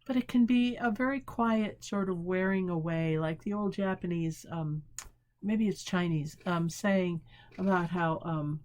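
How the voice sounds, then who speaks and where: A woman pastor giving a short prayerful devotional talk, gentle and unhurried, reading a devotion slowly and searching for words as she reflects. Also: fairly low pitch.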